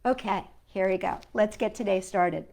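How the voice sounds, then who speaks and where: A woman hosting a children's storytime, talking gently to a puppet and to young viewers. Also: mid-range voice, normal speed. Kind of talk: storytime reading and sing-along for children.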